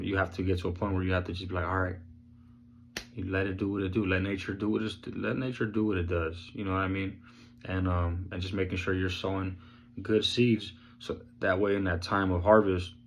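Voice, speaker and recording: A man talking casually in a vlog, laid-back and rambling with lots of fillers, hoarse from losing his voice. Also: low voice, a little hiss or hum. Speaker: vlogger sharing his recovery journey.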